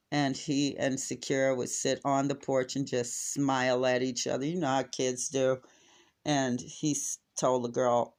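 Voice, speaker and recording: A middle-aged American man casually telling a family story to camera, exasperated and animated, acting out what people said. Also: medium pitch. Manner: exasperated, animated retelling with acted-out quotes.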